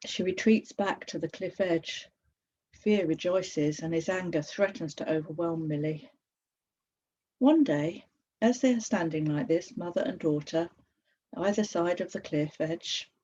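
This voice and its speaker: A woman author reading her picture book aloud in a measured way. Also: lowish voice, warm tone, highs cut off, slight background noise.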